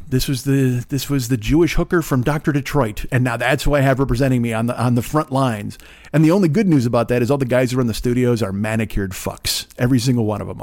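A man in his fifties hosting a podcast, rambling in a casual, profane monologue with sarcastic asides and a smooth voice. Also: medium pitch, darkish tone. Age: 50s. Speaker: podcast host.

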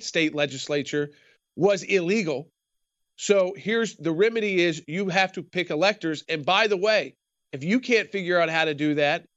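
A man speaks as a guest in a remote interview. His voice is high for a man and he explains carefully, backing up and restarting as he goes. The feed sounds dull and dry. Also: fairly bright tone, no echo. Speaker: guest commentator.

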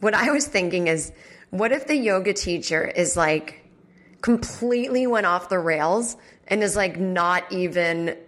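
Chatty rambling woman, lowish voice. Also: expressive, a little slow, fairly bright tone. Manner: chatty, rambling, lots of fillers and asides. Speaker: comedy podcast host. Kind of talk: casual solo chat. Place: at home.

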